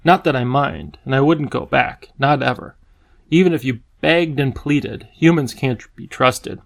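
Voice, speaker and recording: A man reading aloud puts on a deep, lisping creature king from a storybook, regal yet friendly and a touch lonely. The voice has a gravelly grain. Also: expressive, a little slow. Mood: genial. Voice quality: deep voice with a lisp. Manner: genial, a little lonely and fussy.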